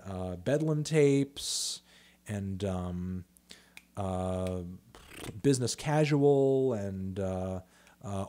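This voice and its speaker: A young man casually answering viewer questions on a livestream, rambling, swearing freely and restarting sentences, with bursts of excitement between mumbled fillers. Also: medium pitch.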